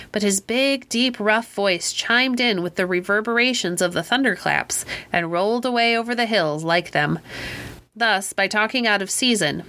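A woman reads a classic storybook aloud in a measured, expressive style. Her voice is bright and forceful, at a middle pitch. The narration is scripted and steady. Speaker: reader.

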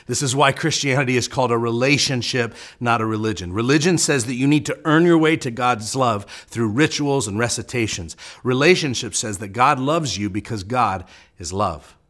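A man's voice: mid-range voice, a bit bright. A man preaching a sermon as pastor, in an earnest way, often repeating a word as he starts a phrase.

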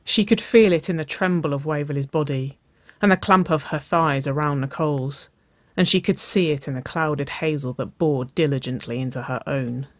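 A reader narrating intimate fiction in a slow, soft, hushed storytelling voice. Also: medium pitch, dry recording.

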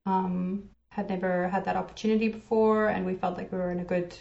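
A woman's voice: lowish voice, flat delivery, a little fast, creaky, a little mellow. A young woman with a South African accent talks in an easygoing, chatty way and laughs easily as a podcast guest. Her voice sits in a roomy space with a slightly dull, muffled sound. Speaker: podcast guest, game producer. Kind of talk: casual chat.

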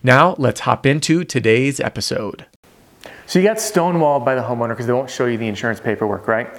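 A man coaching salespeople in an energetic, conversational way, often checking in with his listeners. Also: mid-range voice, fairly quick. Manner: energetic, conversational, peppered with "right?" check-ins. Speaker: roofing sales trainer. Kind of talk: motivational sales coaching monologue.

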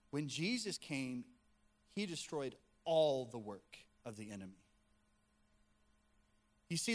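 A male pastor preaching a sermon to a congregation in an animated, conversational way. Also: medium pitch. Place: room with a congregation.

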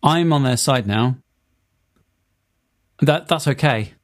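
A man co-hosting a comedy podcast, teasing his co-host in a dry, deadpan way. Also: medium pitch, slow. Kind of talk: casual comedic chat.

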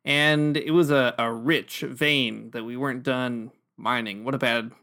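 A man co-hosts a podcast in loose, casual chat. His voice sits at an ordinary middle pitch, and he talks in an easygoing, joking way with plenty of fillers. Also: steady tone, measured pace, sharp tone. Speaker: podcast co-host.

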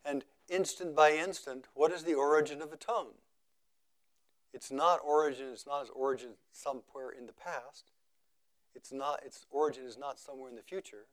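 A man giving a slow, measured talk at a meditation retreat, repeating phrases for emphasis and letting his voice fall quiet at the ends of thoughts. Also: fairly high pitch, steady tone. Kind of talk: contemplative dharma talk.

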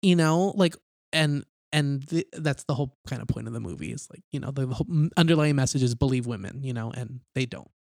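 A man's voice: medium pitch, a little fast, creaky, a little mellow, no room sound, studio quality. Chatty man recapping a movie. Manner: rambling retelling, heavy use of "like", acts out characters' lines. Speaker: podcast co-host. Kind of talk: casual movie recap chat.

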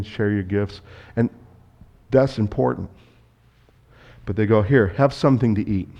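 A man's voice: mid-range voice, lo-fi sound. Conversational male pastor preaching. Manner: storytelling, acts out dialogue with sudden loud bursts; conversational, speaks directly to the congregation. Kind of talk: sermon.

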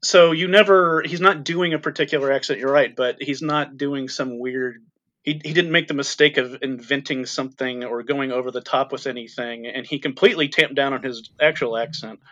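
Bright-voiced man musing on film. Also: medium pitch, steady tone, brisk, muffled recording. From Irish extraction. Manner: thoughtful, hesitant, many fillers. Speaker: podcast co-host. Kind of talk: casual film discussion.

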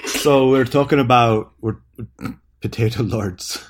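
A man's voice: mid-range voice, measured pace. A man co-hosting a comedy podcast in a casual chat, rambling with lots of stammered restarts and jokes. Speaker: podcast co-host.

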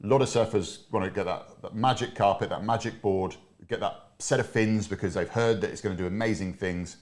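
An upbeat man co-hosts a live stream, talking casually into a lapel mic. His voice sits fairly low, and he is chatty, often circling back to repeat himself. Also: steady tone, fairly quick. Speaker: livestream co-host.

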